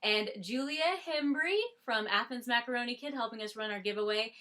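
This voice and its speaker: Bright-voiced chatty woman host. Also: on the high side, brisk. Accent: Southern US. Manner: chatty, upbeat, with thank-yous and laughs. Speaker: theater company co-host. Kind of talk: casual webcast chat.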